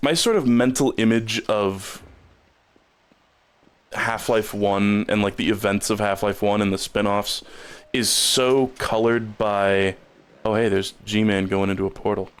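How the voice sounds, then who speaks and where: A man's voice: fairly low pitch, fairly even intonation, measured pace, clean tone. A man streaming a game, rambling in casual commentary and stumbling over repeated words when he gets stuck.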